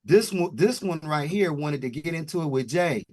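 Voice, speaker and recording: A man hosting a podcast, an excitable storyteller in casual chat who laughs loudly. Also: fairly high pitch, moderate pace. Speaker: podcast host. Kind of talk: casual chat, telling stories.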